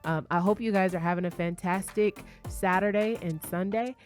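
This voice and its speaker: A woman, a trading educator, walking viewers through an app in a relaxed, chatty tutorial with light laughs. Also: medium pitch, moderate pace, soft background music. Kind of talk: casual screen-share tutorial.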